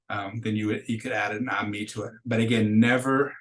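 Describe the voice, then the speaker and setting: A man's voice: on the low side, fairly even intonation, fast talker, hardly any pauses, low-quality recording. A man teaching a beginner Spanish class, patiently explaining grammar step by step and modeling phrases for the class to repeat. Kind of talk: recorded classroom lecture.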